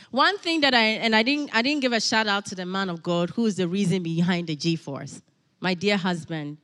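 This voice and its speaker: A woman's voice: medium pitch, sharp tone, long reverb tail. A woman preaching a sermon in a church, emphatic, repeating key phrases and building to exhortation.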